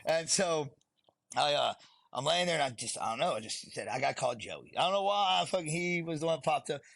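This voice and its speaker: A man's voice: fairly high pitch, brisk, vocal fry, a bit bright. A middle-aged man, a podcast guest telling his story bluntly and profanely, rambling as he goes. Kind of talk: candid storytelling.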